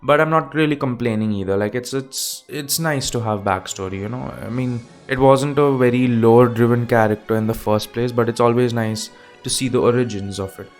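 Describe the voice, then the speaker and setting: A man's voice: medium pitch, brisk, faint music behind. A man hosting a casual solo film discussion at home, rambling and correcting himself as he goes. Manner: rambling, self-correcting, loose and chatty. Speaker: movie review podcaster. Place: home room with an open window.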